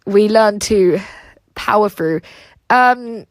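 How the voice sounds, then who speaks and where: Young woman livestreamer with a British accent, bluntly profane and quick to laugh, on a dry, close mic. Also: medium pitch, no echo. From Russia. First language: Russian. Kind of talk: casual livestream chat, reading out comments.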